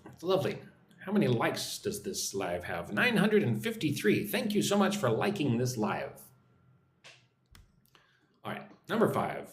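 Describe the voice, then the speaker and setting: A man's voice: mid-range voice, wildly swooping pitch, measured pace, pauses often, roomy sound. A man from the United States teaching an English lesson on a live stream, drilling phrases, reading out viewer comments and checking in with "right?". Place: indoors, in Vietnam.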